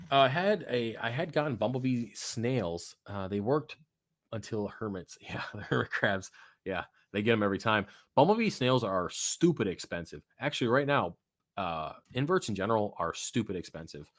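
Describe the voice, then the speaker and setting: A man's voice: mid-range voice, lively intonation, moderate pace, no room sound, studio quality. A young adult man hosting a live aquarium Q&A, chatting casually and bluntly with some swearing, his voice worn from talking. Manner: blunt, profane, rambling, self-mocking. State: losing his voice. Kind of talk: casual live-stream chat.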